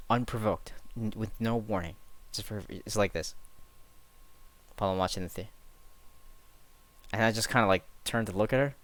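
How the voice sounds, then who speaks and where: A young man telling stories casually on a late-night stream, rambling, correcting himself and chuckling at himself. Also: on the low side.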